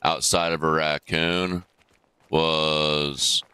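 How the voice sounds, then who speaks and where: A man's voice: extremely low pitch, little pitch movement, drawn-out words, bright, forceful tone, no room sound. A man streaming a game and chatting casually, rambling with fillers and restarts, through a gaming headset mic. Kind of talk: casual live-stream chat. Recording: gaming headset mic with clear background noise.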